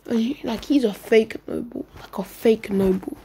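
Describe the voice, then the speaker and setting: Woman storyteller, improvised fan retelling, rambling, stumbling, whispered asides, fairly high pitch, mellow soft tone. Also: moderate pace, husky.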